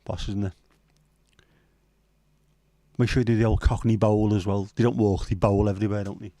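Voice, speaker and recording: Man from northern England, casual livestream host, rambling sweary banter, lowish voice, dry close sound. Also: flat delivery, moderate pace, dark tone, no room sound.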